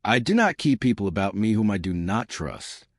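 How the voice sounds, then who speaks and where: A man voicing a cold, haughty old princess with a deep voice in an audiobook. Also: sing-song, moderate pace, dry recording, studio quality. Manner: haughty, curt.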